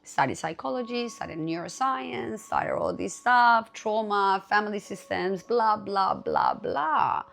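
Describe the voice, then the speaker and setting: A woman's voice: medium pitch, a little slow, creaky, few pauses, a bit bright, a little hiss or hum. A woman hosting her own podcast, talking casually and candidly, swearing freely and with animation. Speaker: podcast host. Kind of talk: casual solo podcast talk.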